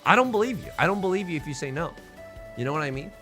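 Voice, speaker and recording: A man streaming a mahjong game, chatting casually with his chat in a jokey, animated way with mock-heated rants. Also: on the high side, rapid-fire, faint music behind. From born outside the United States. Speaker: Twitch streamer playing mahjong.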